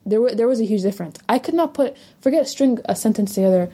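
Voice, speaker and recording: Fast-talking young woman, husky and dark. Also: a little high. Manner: fast, animated, teasing. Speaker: podcast co-host. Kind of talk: casual chat.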